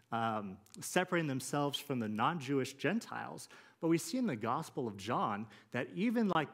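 A man's voice: medium pitch, fairly bright tone. A man pastor giving a conversational sermon in a church, with many fillers, who acts out the quotes he tells.

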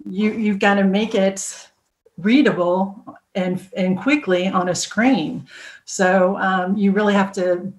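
A woman who works as a translator, speaking as a podcast guest in a hesitant way with many ums and restarts. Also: mid-range voice. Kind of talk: casual podcast conversation. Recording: roomy echo.

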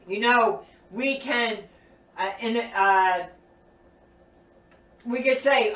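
A man's voice: sits high, unhurried, bright, forceful tone. A man preaching a sermon, earnest and emphatic, repeating his points. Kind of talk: recorded sermon teaching. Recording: roomy echo, distant from mic.

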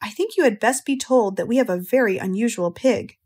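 A woman's voice: fairly high pitch, fairly quick, darkish tone, husky. A woman voicing an earnest, awestruck old-time farmer. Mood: solemn, insistent. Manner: earnest, urgent insistence. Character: awestruck middle-aged male farmer.

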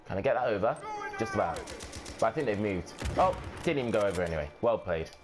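Sweary man with a lively voice. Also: on the low side, quick pace. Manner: offhand and sweary, thinking aloud. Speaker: gameplay commentator. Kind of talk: casual gameplay commentary.

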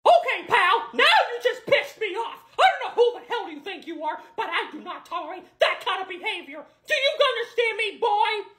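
A man voicing a hot-tempered male cartoon mouse who yells insults in a squeaky falsetto. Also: big pitch swings, normal speed, few pauses, roomy sound, exaggerated voice. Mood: angry. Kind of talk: cartoon parody voice.

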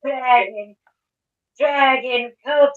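Girl playing a creepy dragon cultist, chants stuff, really high pitched, muffled lo-fi mic. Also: fairly even intonation, very slow, distant mic. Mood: frenzied. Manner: chanting, ominous, playful. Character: eerie dragon-worshipping cult member. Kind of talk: Minecraft roleplay voice acting. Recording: dull lo-fi mic.

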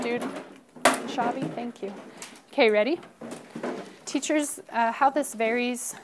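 A young woman teaching a phonics lesson to first graders in a classroom, upbeat and encouraging, slowly drawing out words as she models them. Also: on the high side, slight background noise. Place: elementary classroom.

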